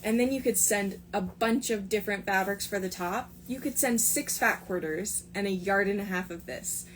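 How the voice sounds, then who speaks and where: A woman's voice: mid-range voice, moderate pace, a little hiss or hum. A woman in her sewing room giving a chatty, upbeat sewing tutorial with lots of fillers and asides. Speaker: sewing pattern designer teaching a sew-along. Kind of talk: casual tutorial talk.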